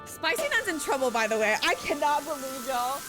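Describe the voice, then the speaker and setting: High, animated woman streamer over music. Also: a little fast. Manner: emotional, exclaiming and laughing often. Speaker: game streamer. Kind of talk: live stream chat with viewers. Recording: game music playing behind.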